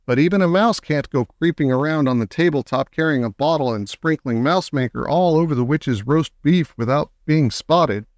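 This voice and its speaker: A man's voice: on the high side, moderate pace, hardly any pauses, no echo, voice pushed up, close to an everyday voice. A man reading aloud and voicing an elderly grandmother who speaks patiently and precisely. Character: elderly grandmother, calm, firm, proper.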